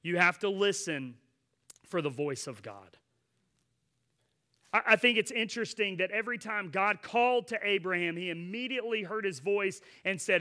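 A male pastor delivers his sermon in a high, sharp-edged voice. He mixes earnest exhortation with relaxed, humorous asides to his listeners. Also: moderate pace. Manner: earnest preaching mixed with chatty, humorous asides.

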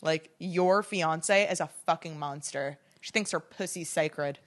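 A woman's voice: deep voice, a little slow. A young woman co-hosting a casual chat, blunt and swearing freely, telling stories with lots of animation. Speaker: podcast co-host.

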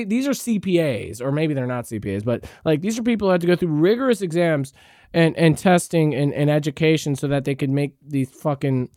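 Ranting, profane man with a lively voice. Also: fairly high pitch, dry recording, studio quality. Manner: profane, rambling, sarcastic; frequent restarts and fillers. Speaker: podcast host. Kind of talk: ranting commentary.

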